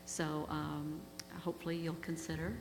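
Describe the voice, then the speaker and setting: Woman guest speaker, low voice, earnest storyteller, hall reverb. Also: level tone, moderate pace. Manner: earnest, emotional retelling. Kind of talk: storytelling talk. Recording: echoey hall with faint hum.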